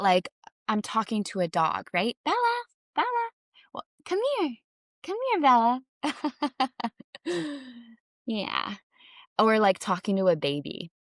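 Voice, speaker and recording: A woman confidence coach talking in a chatty, relaxed way, with lots of casual fillers, in an advice vlog. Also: medium pitch, no room sound, studio quality.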